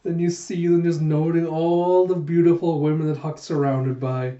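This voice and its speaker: A chatty man casually retelling a comic's story, slipping and correcting himself as he goes. His voice is mellow and slightly high. The sound is roomy and a little dull, like a home recording. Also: flat delivery, moderate pace. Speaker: reviewer reading a manga aloud. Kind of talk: casual manga readthrough.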